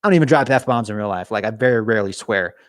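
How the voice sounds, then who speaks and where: A man's voice: fairly low pitch, quick pace, no echo, clean studio sound. Chatty young man streaming live. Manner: casual, animated, talks with his hands; chatty with frequent restarts. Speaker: YouTube gaming channel host. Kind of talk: live stream chat with viewers.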